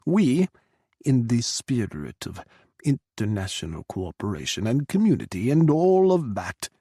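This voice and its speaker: A man's voice: mid-range voice, sing-song, a little slow, warm tone, breathy edge, no echo, clean studio sound. A man putting on a sly Russian president. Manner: smirking, easy, cutting. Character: scheming restless male Russian president.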